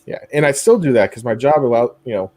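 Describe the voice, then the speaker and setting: A man's voice: medium pitch, quick pace, no echo. A man with a Midwestern American accent hosting a live stream, chatting casually and laughing often. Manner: relaxed, laughs often, many restarts. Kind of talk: casual chat.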